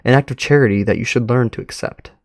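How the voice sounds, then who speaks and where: A man doing a soft, polite, calm friend. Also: medium pitch, quick pace, close to an everyday voice.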